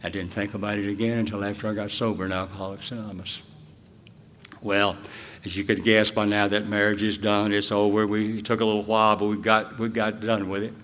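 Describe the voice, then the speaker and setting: A man from Dallas gives a candid personal testimony at a recovery convention. He tells it in a folksy storytelling way, with halting restarts. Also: medium pitch, fairly bright tone. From Dallas, Texas. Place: convention hall.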